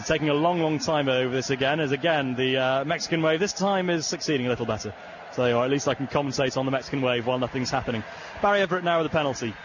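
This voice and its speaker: A man giving play-by-play rugby commentary, calm in lulls and rising to excited shouting when the play breaks open. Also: mid-range voice, lo-fi sound. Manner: rises to excited shouting on big plays. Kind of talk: sports commentary. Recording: broadcast with stadium noise behind.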